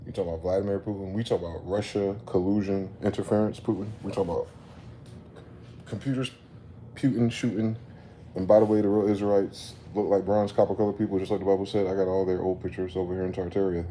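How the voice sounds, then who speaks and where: A man ranting in a late-night commentary vlog, animated and profane, repeatedly telling listeners to slow down. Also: low voice, slight background noise. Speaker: commentary vlogger. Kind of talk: late-night rant to camera.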